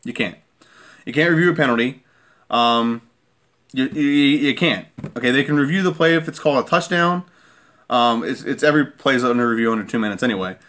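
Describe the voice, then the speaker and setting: A man in a worked-up football rant, his voice sitting in a middle pitch. He talks as an irate fan, hammering the same points over and over and checking in with a pointed "okay?". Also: fairly quick, fairly bright tone. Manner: irate, repeats himself, keeps asking "okay?". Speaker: sports fan vlogger. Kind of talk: heated sports rant.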